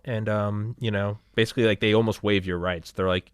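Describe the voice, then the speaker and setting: A young man with a low voice, recorded dry and close, who chats casually and strings anecdotes together. He often slips into a higher, breezy voice to mimic the people in his stories. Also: fast, few pauses, dry recording. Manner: rambling anecdotes, acts out calm doctors in a raised voice, many fillers. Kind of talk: casual chat.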